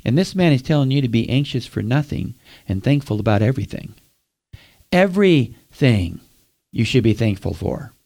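A man's voice: mid-range voice, sing-song, normal speed, vocal fry, a little mellow. A man preaching a sermon, speaking straight to his listeners and asking them questions. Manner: direct, asks the listeners questions.

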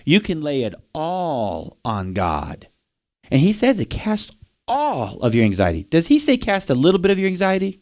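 Earnest male preacher, slightly high voice. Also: huge pitch swings, normal speed, darkish tone. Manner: direct, asks the listeners questions. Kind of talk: sermon.

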